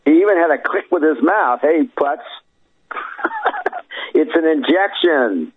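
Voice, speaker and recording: Husky man on a tinny phone line. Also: a little high, animated, measured pace. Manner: mocking, laughing. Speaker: radio show guest. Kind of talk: casual talk radio chat.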